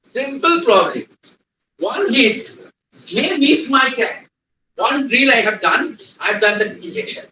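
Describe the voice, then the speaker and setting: Speaking a little slowly, a male trainer with a very high, expressive voice and sharp tone lectures a technical class. In the lecture hall he quizzes the room and repeats key points. The echoey room, distant mic and slight background noise are audible.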